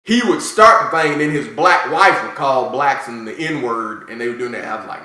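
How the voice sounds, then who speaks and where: A man co-hosting a podcast, ranting in profane, animated casual chat with mocking asides. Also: mid-range voice, moderate pace. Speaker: podcast co-host. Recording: echoey room.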